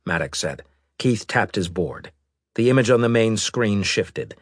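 A man narrating an audiobook in a steady, even storytelling manner. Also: on the low side, a little slow, dry recording, clean studio sound. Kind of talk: scripted narration.

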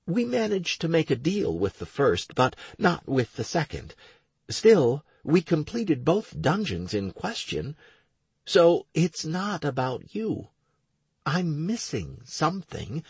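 A man's voice: on the high side, wildly swooping pitch, takes it slowly, a little mellow, breathy edge, no echo, pitched above the performer's own voice, full character voice. A man voicing a frustrated young woman raid leader. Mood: annoyed.

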